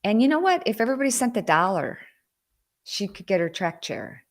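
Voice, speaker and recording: A woman's voice: medium pitch, big pitch swings, a little fast. A middle-aged woman chatting casually to viewers on a live video, rambling and getting emotional as she talks. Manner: frequent restarts and fillers. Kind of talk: casual live-stream chat.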